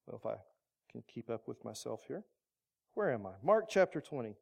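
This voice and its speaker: Relaxed, joking preacher who teaches from scripture in a chatty way. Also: medium pitch, normal speed, gravelly, breathy edge. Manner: casual, joking, conversational. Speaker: pastor. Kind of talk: sermon with Bible reading.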